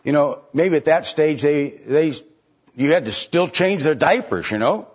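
A middle-aged man preaching a sermon in a conversational way, asking rhetorical questions and jumping up in pitch to stress a point. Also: expressive, a little slow, husky, muffled recording. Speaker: pastor.

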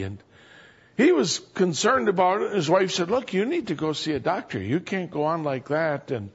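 A man's voice: high-pitched, moderate pace, breathy edge, highs cut off. A man preaching a sermon, reading scripture and then explaining it in an earnest, emphatic way with many rhetorical questions.

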